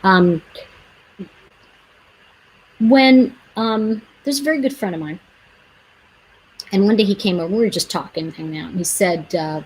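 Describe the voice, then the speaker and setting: A woman's voice: mid-range voice, measured pace, pauses often, a little hiss or hum, poor audio. Chatty woman host telling stories. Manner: chatty, acts out quoted dialogue; earnest, advising. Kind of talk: casual livestream storytelling.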